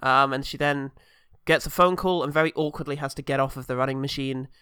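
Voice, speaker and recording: A man's voice: mid-range voice, fairly even intonation, brisk, pushed and bright, clear, resonant tone, dry recording, studio quality. A man co-hosting a podcast, chatting casually about films, joking and laughing often. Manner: jokey, laughs often, rambling with fillers. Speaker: podcast co-host. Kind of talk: casual film review chat.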